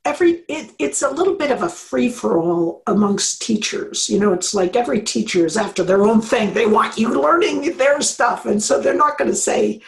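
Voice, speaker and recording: A woman's voice: fairly high pitch, normal speed, vocal fry, rough recording. A middle-aged woman, an engineering professor, explaining in an interview and acting out little quoted voices. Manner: animated explainer, acts out quotes. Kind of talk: conversational interview.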